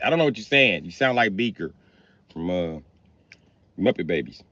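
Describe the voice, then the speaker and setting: A man's voice: low-pitched, fairly quick, no echo. Crude, ranting middle-aged man livestreaming. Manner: blunt, crude, heated and lively. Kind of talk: profane comic rant on a livestream. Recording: slightly dull lo-fi stream mic.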